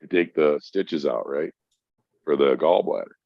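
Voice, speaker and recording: Man, very low gravelly voice, profane emphatic storyteller, dull lo-fi dry recording. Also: unhurried, no room sound. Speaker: podcast guest, mental health worker. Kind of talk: casual storytelling.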